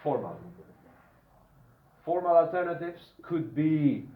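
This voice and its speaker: A man teaching an English grammar class, animated and repetitive, checking in with "yeah?" after nearly every point. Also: a little high, slow pace, reverberant, phone-quality sound.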